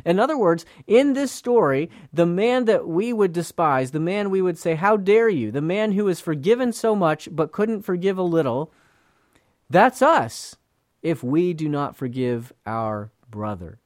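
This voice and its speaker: A man's voice: a little high, animated, measured pace, a little mellow, dry recording, clean studio sound. A man giving a conversational Bible teaching in an earnest voice, often repeating words as he talks. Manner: earnest, repeats words, acts out quoted speakers.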